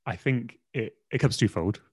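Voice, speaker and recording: A man's voice: mid-range voice, moderate pace, darkish tone, husky, dry recording. A man, a magazine editor, talking casually on a podcast in a rambling, self-deprecating way with lots of fillers.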